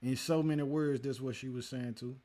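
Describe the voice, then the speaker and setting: A man hosting a livestream who reads and answers his chat in a relaxed, casual way and teaches from scripture with growing emphasis. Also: mid-range voice, brisk. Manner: laid-back, talks to the chat, calls listeners man and y'all.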